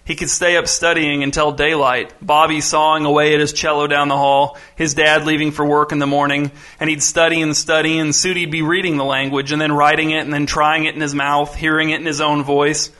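Bright-voiced male audiobook narrator. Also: on the high side. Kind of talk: scripted narration.

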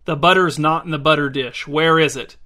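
A man's voice: fairly high pitch, moderate pace, pushed and bright. A man doing a stern scolding wife. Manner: severe, scolding. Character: stern, sharp-tongued wife.

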